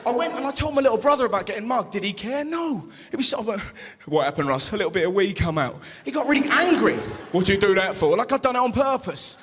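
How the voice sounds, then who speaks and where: A man doing a stand-up routine, animated and jumping into silly voices. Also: extremely high pitch, fast talker, few pauses, a little hiss or hum. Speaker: stand-up comedian. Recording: live theatre, long reverb, loud crowd.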